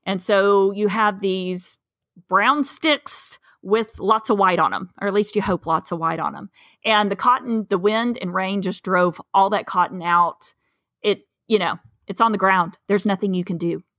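A woman's voice: mid-range voice, a little slow, a bit bright, dry recording, clean studio sound. A woman cotton farmer from the Texas coast, chatting casually with easygoing fillers and restarts. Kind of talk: casual podcast chat.

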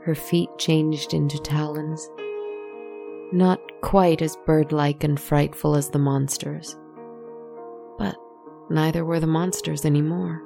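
A woman narrating a fable in a hushed storytelling manner, turning aside now and then to address the listener. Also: low-pitched, steady tone, slow, creaky, long pauses. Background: faint music.

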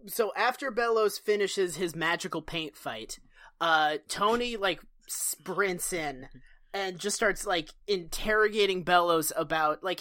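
A woman's voice: lowish voice, unhurried, fairly bright tone. A woman in casual podcast chat, recapping a TV episode, laughing often and acting out the characters' lines. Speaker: podcast co-host.

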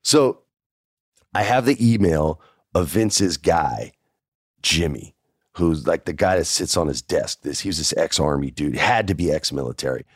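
A man telling a casual anecdote in an animated way, often adding "like" and "right?". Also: a bass voice, unhurried, slightly rough, dry recording, studio quality.

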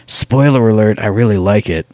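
A young man co-hosting a casual podcast, telling rambling stories in a relaxed way. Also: fairly low pitch, normal speed, no room sound. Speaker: podcast co-host. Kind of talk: casual chat.

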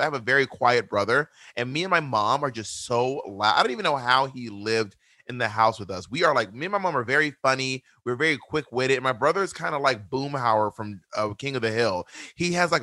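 A man co-hosting a podcast, chatting casually in a sassy, animated, jokey way. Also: mid-range voice, dry recording. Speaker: podcast co-host. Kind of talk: casual chat.

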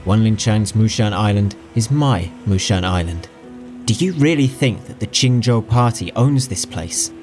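A man voicing a scheming young prince in an audiobook, quick, mocking and commanding. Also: lowish voice, darkish tone, faint music behind, voice pushed up, natural voice. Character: scheming young male prince, cocky and cruel. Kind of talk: audiobook character voice.

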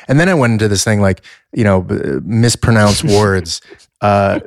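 A man's voice: fairly low pitch, no echo, clean studio sound. A man co-hosting a podcast in casual chat, playful and drawing out words to tease. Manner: playful, deliberately drawn-out pronunciations. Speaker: podcast co-host.

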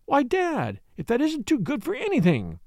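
A headstrong young heiress in an audiobook, pleading and indignant by turns, put on by a man reading. Her voice sits high and swings widely. It sounds close and dry. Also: wildly swooping pitch, moderate pace, darkish tone, dry recording, full character voice. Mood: delighted. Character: young wealthy woman, headstrong and upset.

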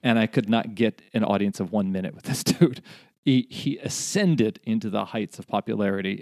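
A man's voice: fairly low pitch, vocal fry, darkish tone, no echo, clean studio sound. A man co-hosting a casual podcast, telling wry stories and laughing often. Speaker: podcast co-host. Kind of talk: casual chat.

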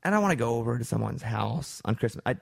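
A man's voice: mid-range voice, expressive, very fast, creaky, breathy edge. A man hosting a casual interview, conversational and joking, hedging with "like". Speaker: interview host.

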